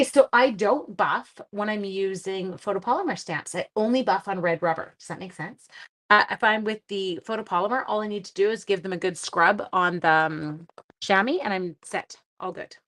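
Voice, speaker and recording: A woman's voice: mid-range voice, fairly bright tone. A Canadian woman hosting a card-making live stream, chatting casually, greeting viewers by name and thinking aloud as she works. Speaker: card-making livestream host. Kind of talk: casual live-stream chat while crafting.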